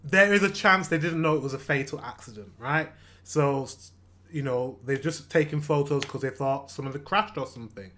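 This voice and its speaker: A British man with an expressive, mid-range voice speaks at normal speed, his tone pushed and bright. Hosting a casual reaction video, he talks earnestly and repeats himself when emotion takes over.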